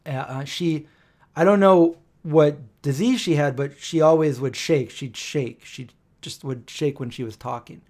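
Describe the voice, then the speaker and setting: Slightly high-voiced man telling stories. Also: measured pace, a little mellow. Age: 40s. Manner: anecdotal, acts out quoted dialogue. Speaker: live stream host. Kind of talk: rambling live stream chat.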